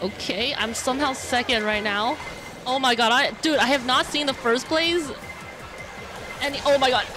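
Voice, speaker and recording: A young woman streaming live, chatting excitedly and laughing as she plays a kart racing game. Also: sits high, moderate pace. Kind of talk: live gameplay commentary. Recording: game music loud behind voice.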